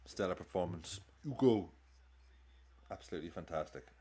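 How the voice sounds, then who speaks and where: Scouse male host, low voice, very animated, sweary live football reactions. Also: normal speed, breathy edge. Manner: excitable, sweary, banters with chat. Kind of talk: live match commentary and chat.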